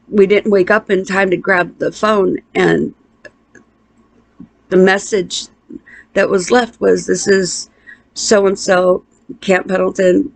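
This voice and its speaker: A middle-aged woman tells a painful personal story, halting and emotional, with restarts and pauses. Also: medium pitch, gravelly, no room sound. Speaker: interviewee.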